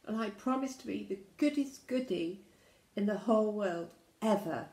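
A woman's voice: medium pitch, normal speed, mellow, a little hiss or hum, pitched above the performer's own voice, lightly acted, poor audio. Woman voicing a sly wheedling T-Rex. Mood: pleading. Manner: wheedling, then snapping. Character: sly pleading Tyrannosaurus Rex, quick to anger. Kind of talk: storybook read-aloud.

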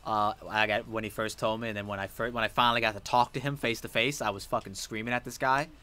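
A man co-hosting a casual gaming chat while he plays, telling stories in an animated way and swearing freely. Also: fairly low pitch, fast. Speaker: co-host of a game challenge series.

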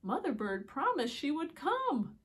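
A woman voicing a nest of hungry, anxious baby birds in a high peeping voice. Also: wildly swooping pitch, unhurried, full character voice. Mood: worried peeping.

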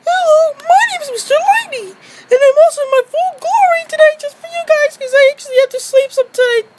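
Mister Lady, a squeaky voice put on by a narrator. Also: a little fast. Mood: chirpy. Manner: shrill, excited greetings. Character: squeaky, chirpy toy character.

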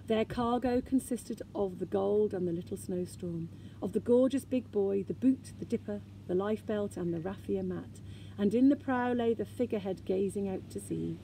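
A woman teacher reading a children's storybook aloud in a gentle, expressive way. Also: medium pitch, normal speed, creaky, a little hiss or hum.

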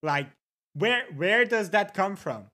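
Excitable streamer, native French speaker. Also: medium pitch, slow. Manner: excitable, laughs and swears, greets chat. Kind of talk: casual live-stream chat.

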